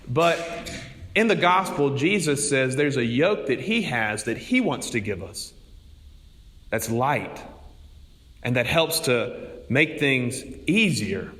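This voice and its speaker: A man's voice: mid-range voice, very animated, slow pace, pauses often, a bit bright, in a large hall. A man preaching a sermon, telling stories in an earnest manner. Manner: storytelling, earnest.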